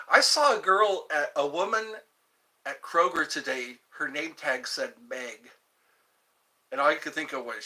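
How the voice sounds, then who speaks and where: A man's voice: a little high, a little slow, long pauses, bright, forceful tone. A man hosting a livestream, chatting casually and rambling with frequent chuckles. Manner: chuckling, drifting between impressions. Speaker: livestream host.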